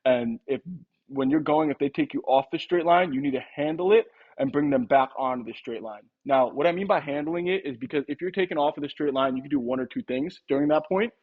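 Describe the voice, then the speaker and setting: A young man runs through a sales lesson at a rapid clip, his voice sitting a little high for a man. He keeps it casual and slips into quick sample dialogues. The recording sounds dull and lo-fi. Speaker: sales trainer. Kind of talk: instructional talk.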